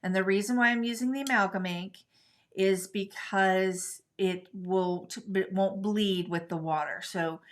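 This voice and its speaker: A woman's voice: mid-range voice, steady tone, a little slow. Middle-aged American woman hosting a live craft stream, friendly running commentary while she works. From United States. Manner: chatty, talks to viewers while coloring. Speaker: craft tutorial host.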